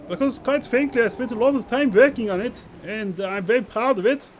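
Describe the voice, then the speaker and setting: A man's voice: extremely high pitch, a little fast, slight background noise, pitched above the performer's own voice. A man doing a self-satisfied adult man with a put-on Austrian accent during a live stream. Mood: proud. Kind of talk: live-stream character bit.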